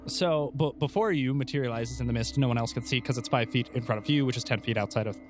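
A man's voice: mid-range voice, quick pace, faint music behind. Male game master, casual and rambling, middle register. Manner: rambling, many fillers and restarts, playful. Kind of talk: narrating a tabletop game.

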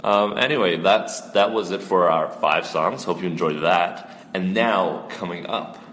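A man hosting a casual music podcast, chatty and quick to exclaim in surprise. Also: deep voice, reverberant, in a large hall. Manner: excitable, quick to gasp and exclaim. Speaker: podcast host.

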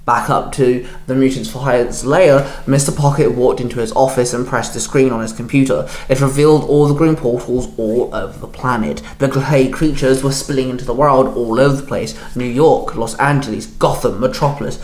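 A man narrating a fan fiction story in a brisk, plain reading voice. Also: medium pitch, steady tone, darkish tone, reverberant.

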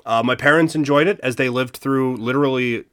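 A man co-hosting a casual history podcast, relaxed and jokey, with crude asides. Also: medium pitch, a little fast. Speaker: podcast co-host.

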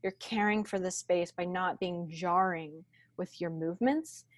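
A woman guest on a podcast, calmly teaching in a slow, deliberate and grounded way. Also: lowish voice, dry recording. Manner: calm, deliberate, speaks slowly and groundedly. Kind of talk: conversational teaching.

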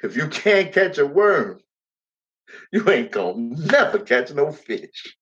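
Gruff old father teasing his boy, folksy and raised in pitch, played by a male storyteller, on a dull lo-fi recording that swings in tone. A spoken storybook voice with plenty of lift. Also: sing-song, takes it slowly, a bit bright, heavily acted. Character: stern older father, teasing his young son.

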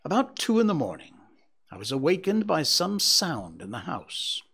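Man, dramatic story reading, expressive, wide melodic range. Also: fairly high pitch, normal speed, creaky, breathy edge. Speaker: audiobook narrator.

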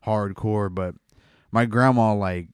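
A man's voice: fairly low pitch, steady tone, takes it slowly, clear, resonant tone, dry recording, clean studio sound. A man chatting casually and telling a childhood story, full of fillers, swearing and laughter. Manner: laid-back, lots of fillers, swearing, laughs while telling stories.

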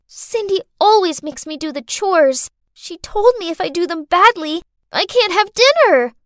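A woman's voice: very high-pitched, lively intonation, unhurried, dry recording, clean studio sound, pitched above the performer's own voice. A woman voicing a scheming little girl who fakes innocence, whining and pleading through tears in a told story. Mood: tearful pleading. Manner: whiny, tearful pleading. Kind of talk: storytelling podcast.

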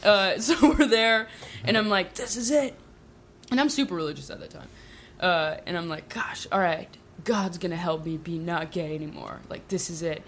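This guest storyteller, a woman with a fairly low pitch, speaks at a moderate pace over faint hiss or hum. Sharing an amusing story from her own life with a small group, she laughs often, leans on "like," and adds spirited asides.

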